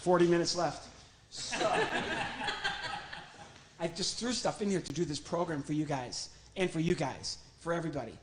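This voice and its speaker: A man's voice: a little high, moderate pace, pauses often, slight background noise. A ventriloquist comedian from Illinois, a man doing a chatty, joking live act on a church stage and talking to his puppet.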